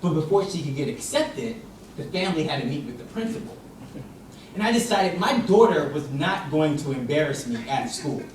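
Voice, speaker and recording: Animated young man telling a funny story. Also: a little high, normal speed, a little hiss or hum. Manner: animated storytelling, acts out voices. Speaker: contest speaker. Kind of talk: humorous contest speech. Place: large hall with audience. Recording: distant mic in echoey hall with audience.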